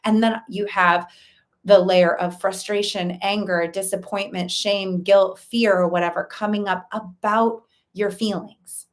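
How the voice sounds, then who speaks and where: A woman coach speaks straight to her viewers in an earnest, explanatory way, stacking her points one after another in steady lists. Her voice sits in a middle pitch, neither high nor low. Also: measured pace. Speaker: life coach. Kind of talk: direct-to-camera coaching talk.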